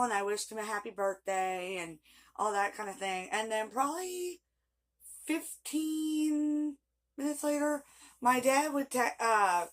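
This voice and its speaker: A woman's voice: fairly high pitch, fairly bright tone. A woman telling a long personal story in a casual vlog, rambling and chatty with frequent laughs. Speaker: vlogger.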